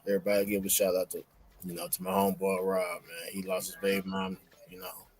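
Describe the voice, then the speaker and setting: A man's voice: low-pitched, flat delivery, a little mellow, rough recording. A man chatting casually on a livestream, repeating himself for emphasis. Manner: repetitive, emphatic, drawn-out speech. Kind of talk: casual chat.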